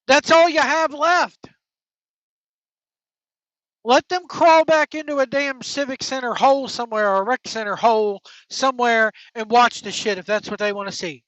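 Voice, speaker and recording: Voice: mid-range voice, steady tone, moderate pace, fairly bright tone, no room sound. A wrestling podcast host on an angry, profane opinion rant, blunt and heated. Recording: dull lo-fi dry recording.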